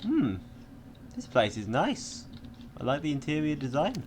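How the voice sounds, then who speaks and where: A young man narrates his gameplay at an unhurried pace, teasing and mock-threatening the characters on screen. He swears freely and keeps a joking tone, with a faint hiss of noise under his voice. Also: a little high, wildly swooping pitch. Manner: playful, mock-menacing, swears a lot. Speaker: gaming YouTuber. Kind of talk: gameplay commentary.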